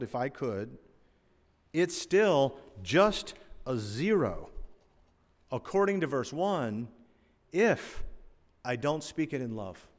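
A man's voice: a little high, a bit bright. Male preacher, conversational and wry, recorded in a reverberant sanctuary. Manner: conversational preaching with asides and humor. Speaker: pastor. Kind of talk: sermon. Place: church sanctuary. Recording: long hall reverb.

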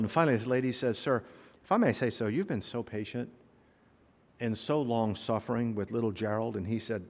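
A man pastor delivers a sermon, acting out the people in his stories with sudden loud bursts and quiet asides. His voice is of middle pitch. A long reverb trails behind him, as in a large church. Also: fairly quick. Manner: animated storyteller, voices characters, swings loud and soft. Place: church sanctuary.

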